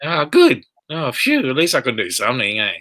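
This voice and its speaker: A man telling stories as a comedian guest on a video call, rambling and animated, shouting out quoted lines. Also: mid-range voice, fairly quick, no echo. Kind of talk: casual interview storytelling.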